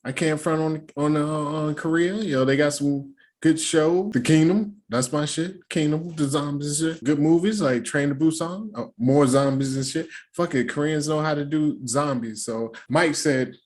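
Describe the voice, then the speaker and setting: A man's voice: fairly high pitch, moderate pace, hardly any pauses, darkish tone. A man hosting a reaction video, recapping a reality show in casual, profane, slangy commentary. He laughs often and slips into playful impressions.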